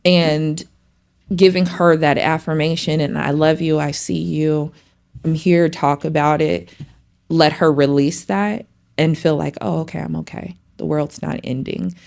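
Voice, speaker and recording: Gravelly lower-voiced mom, middle-aged, chatty podcast storyteller doing her kids' voices. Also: a little slow. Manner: animated storytelling, acts out her kids' lines. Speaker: podcast co-host, mother. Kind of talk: casual chat.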